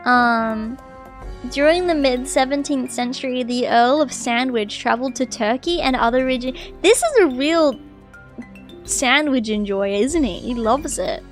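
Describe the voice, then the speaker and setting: A high-pitched woman streams live, reading a text aloud and breaking off often to chat with her viewers. She gets loud and excitable, with quick bursts of apology and exclamation. Faint music plays under her voice.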